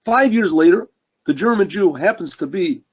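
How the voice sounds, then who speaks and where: Husky-voiced rabbi telling a story. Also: male voice, sits high, moderate pace. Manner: earnest, animated storytelling with throat clearing. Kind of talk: storytelling sermon. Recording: dull lo-fi recording.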